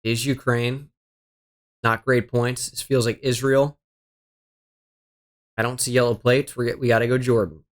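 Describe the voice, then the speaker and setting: A man's voice: medium pitch, level tone, measured pace, long pauses. Exasperated man muttering through a game. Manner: self-deprecating, exasperated muttering with frequent swearing. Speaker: gaming streamer. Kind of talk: live game commentary.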